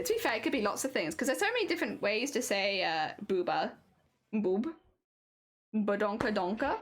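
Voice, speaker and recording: Giggly British woman streaming, high voice. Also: fairly bright tone. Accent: British English. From Britain. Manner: chatty, giggly, playful, reads chat aloud. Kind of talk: casual live-stream chat.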